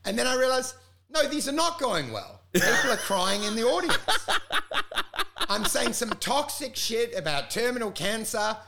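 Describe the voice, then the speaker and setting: A man's voice: very high-pitched, a little slow, slight background noise. A man co-hosting a comedy podcast, ranting crudely and acting out voices in casual chat. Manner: animated, crude, ranting with acted-out quotes.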